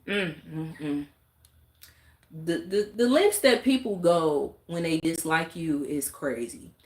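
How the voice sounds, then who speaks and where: Low-voiced woman ranting blunt on a livestream. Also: takes it slowly. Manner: blunt, exasperated, rambling. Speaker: live streamer. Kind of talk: casual live-stream rant. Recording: roomy echo.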